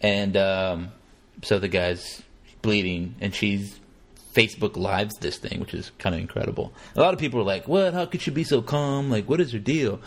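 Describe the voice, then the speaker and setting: Animated, profane man. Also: fairly low pitch, normal speed. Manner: animated, profane, acts out quotes in exaggerated voices. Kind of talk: casual conversational commentary.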